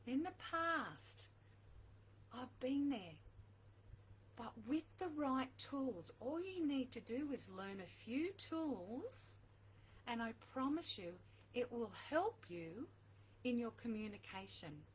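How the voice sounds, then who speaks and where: Speaking slowly in a slightly high, husky, sing-song voice, a middle-aged woman gives relationship advice straight to camera. She is earnest and keeps repeating her main points, and the recording is rough.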